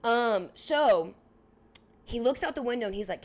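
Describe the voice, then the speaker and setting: A woman's voice: on the high side, a little slow. Chatty young woman telling a story. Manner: animated, heavy use of "like", acts out dialogue. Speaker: podcast co-host. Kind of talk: casual storytelling.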